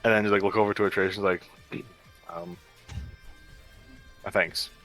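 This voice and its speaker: A man's voice: fairly low pitch, flat delivery, moderate pace, fairly bright tone, soft background music. A man playing a tabletop game, talking casually with many fillers. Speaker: player. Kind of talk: casual chat.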